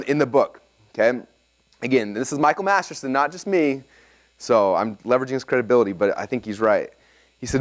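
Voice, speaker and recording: A man teaching a live seminar to an audience and taking their questions, energetic and excitable, often checking in with "okay?". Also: mid-range voice, fairly quick. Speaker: seminar presenter.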